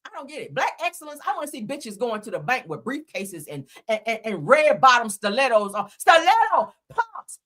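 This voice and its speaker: A woman on her own channel tearing into a reality show in a blunt, cursing, sarcastic rant. Her voice sits high and bright and swoops up and down as she goes off. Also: very animated, normal speed, hardly any pauses. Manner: blunt, profane, heated, sarcastic. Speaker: host. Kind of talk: ranting reality TV commentary.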